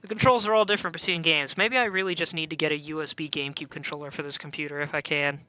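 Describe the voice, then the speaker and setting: A man's voice: on the high side, steady tone, fast, bright, forceful tone, no room sound. Chatty man commentating a game. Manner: chatty, meandering asides. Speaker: streamer.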